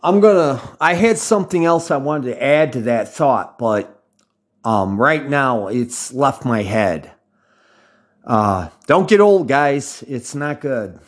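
A mid-range, animated male voice at a slow pace belongs to an American channel host in his fifties. He talks casually to camera, rambling off on tangents, restarting sentences often and leaning on fillers.

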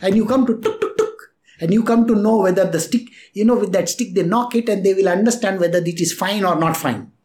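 A man's voice: sits high, a little fast, darkish tone. A man telling a spiritual story casually, chuckling often and acting out the voices. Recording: echoey room.

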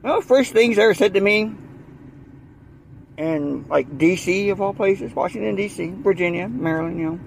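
A man's voice: high-pitched, normal speed, gravelly, slight background noise. A man with a Southern US accent in a heated, rambling monologue, repeating himself and leaning on fillers. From Southern United States. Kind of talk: ranting monologue.

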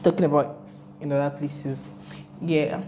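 A young Nigerian woman with a Nigerian accent chats casually in a travel vlog, sharing her travel stories with animated, rambling asides. Her voice is low and a little slow, with slight background noise behind it.

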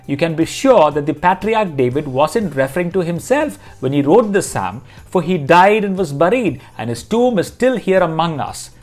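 A man's voice: a little high, sing-song, normal speed, few pauses, darkish tone. A man giving a devotional Bible teaching as a pastor, speaking earnestly and reading scripture passages aloud.

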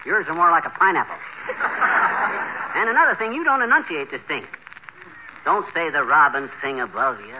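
A boastful small-town braggart in a 1940s radio comedy, folksy and wisecracking. His voice sits a little high. The broadcast sound is dull and hissy. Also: big pitch swings, moderate pace, pauses often. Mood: bossy. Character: boastful small-town man, brash know-it-all.

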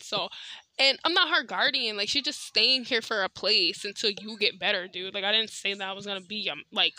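A woman's voice: medium pitch, pushed and bright. A young adult woman hosting a podcast, telling a personal story in a chatty, candid way with lots of filler words. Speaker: podcast host. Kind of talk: casual storytelling monologue.

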